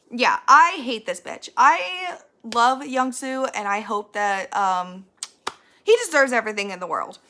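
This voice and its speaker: A woman giving a casual spoiler recap of a show, blunt, opinionated and quick to swear. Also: on the high side. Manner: blunt and ranty, swears freely; animated and opinionated. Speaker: YouTuber recapping a TV episode.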